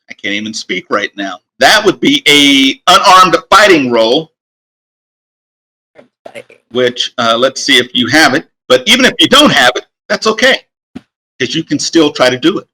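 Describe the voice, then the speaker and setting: A man's voice: medium pitch, very animated, unhurried, sharp tone. A man narrating as game master in a tabletop game, talking with many fillers and restarts.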